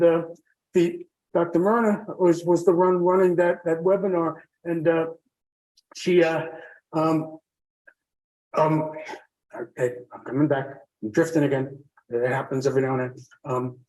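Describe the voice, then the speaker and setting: Halting, heartfelt man telling his story. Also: on the high side, mellow, low-quality recording. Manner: halting, many fillers and restarts, heartfelt. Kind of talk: rambling personal storytelling.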